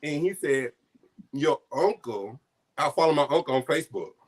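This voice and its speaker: A man's voice: on the high side, normal speed. A man telling a personal story in an interview, heartfelt and close to tears at times, acting out the voices of the people in it. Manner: emotional, heartfelt, choking up at times; animated retelling with quoted voices. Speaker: guest storyteller.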